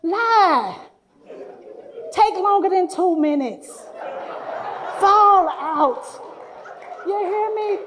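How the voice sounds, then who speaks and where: Lively high-voiced comedienne in her forties. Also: extremely slow, long pauses, background noise. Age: 40s. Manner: animated storytelling, acts out quoted voices. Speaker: stand-up comedian. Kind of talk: stand-up comedy set. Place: live venue before guests.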